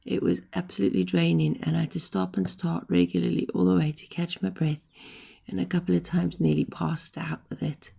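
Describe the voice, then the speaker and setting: A middle-aged woman chatting to camera while she recovers, her voice badly hoarse and heavily gravelly with fry. She sounds husky and a little low, runs short of breath and rambles along with apologetic asides. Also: flat delivery, brisk, hardly any pauses, dark tone. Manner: rambling, apologetic, frequent ums. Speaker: vlogger recovering from illness. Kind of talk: casual chat to camera.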